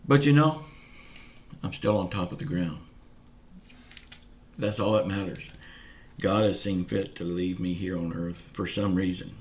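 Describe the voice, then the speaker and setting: Low-voiced Southern man, folksy and earnest. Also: flat delivery, measured pace, long pauses, darkish tone, a little hiss or hum. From Pensacola, Florida, US. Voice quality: some words come out slurred. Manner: folksy, earnest, keeps saying y'all. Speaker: channel host. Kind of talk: casual direct-to-camera update.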